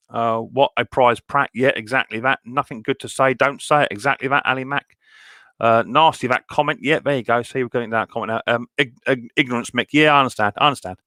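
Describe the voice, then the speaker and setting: A man hosts a live stream and reads through the chat. He greets each viewer by name as mate or buddy boy, in a loose style full of fillers. His voice sits at an ordinary middle pitch, and the sound is dry with no room echo. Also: sharp tone. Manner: casual, many fillers, calls people mate and buddy boy. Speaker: mower channel host.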